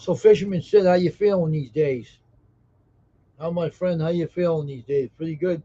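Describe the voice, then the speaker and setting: A man's voice: fairly high pitch, normal speed, warm tone. A man hosting a live stream, casually joking with viewers and reading their comments. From American South. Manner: folksy, joking, talks straight to chat viewers. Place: indoors at home. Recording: dull lo-fi stream audio.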